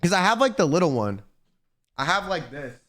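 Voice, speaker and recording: A young man streaming, chatting casually and swearing, slangy and animated as he rants to his chat. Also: fairly high pitch, normal speed.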